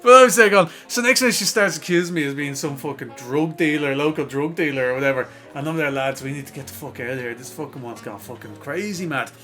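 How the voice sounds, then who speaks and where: A young Irish man from Dublin, co-hosting a podcast and telling a sweary, animated story in casual chat. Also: on the high side, fast, hardly any pauses, faint music behind. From Ireland. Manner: sweary, animated anecdote teller. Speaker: podcast co-host.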